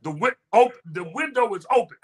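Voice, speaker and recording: A man co-hosting a sermon talk, urging it on with energetic call-and-response and whoops. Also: extremely high pitch, brisk, breathy edge. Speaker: co-host.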